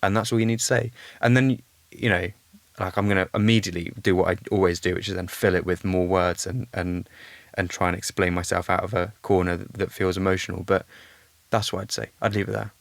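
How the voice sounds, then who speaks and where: A man's voice: low-pitched, level tone, fairly quick, gravelly, no room sound. A young man speaking as a podcast guest in a candid, reflective conversation, thinking aloud earnestly.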